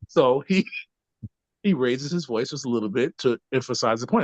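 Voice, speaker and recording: Medium in pitch and lively in intonation, the man talks at normal speed on a dry recording. He's a trainer guesting on a podcast, explaining conversationally and constantly checking in with "right?", with dull lo-fi sound quality.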